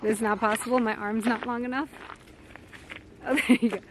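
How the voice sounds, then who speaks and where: A young woman talks to a handheld camera out in public, chatty and quick to laugh. Her voice sits fairly high and bright, a touch self-conscious. Casual vlog talk. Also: steady tone, background noise. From United States. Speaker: vlogger. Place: outdoors in public.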